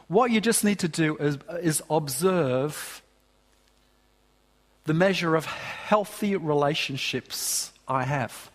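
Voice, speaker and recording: A man preaching a sermon in a church, earnest and emphatic, often restarting phrases. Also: high-pitched. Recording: long hall reverb.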